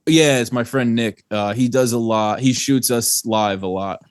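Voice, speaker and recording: A man's voice: mid-range voice, measured pace, smooth, dry recording, clean studio sound. A young man from New Jersey, a guest, chatting casually on a podcast in a laid-back, rambling way and swearing freely. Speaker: guest, band singer.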